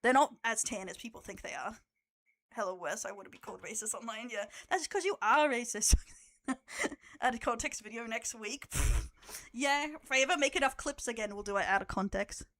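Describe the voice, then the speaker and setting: A woman's voice: on the high side, a little fast, a bit bright, no echo. A young Australian woman streaming live, chatting casually with her viewers, laughing often and swearing as she teases.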